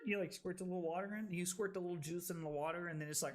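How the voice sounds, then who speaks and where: A tipsy man streaming a card game, swearing, laughing and breaking into loud excited outbursts. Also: high-pitched, very fast. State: tipsy from drinking. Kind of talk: casual livestream commentary.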